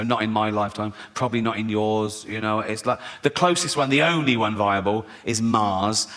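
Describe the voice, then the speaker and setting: Man, stand-up comic, sixties, mocking and sweary, bright tone. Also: medium pitch. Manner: mocking, swearing, acts out voices. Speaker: stand-up comedian. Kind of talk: stand-up comedy routine. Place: large theatre stage.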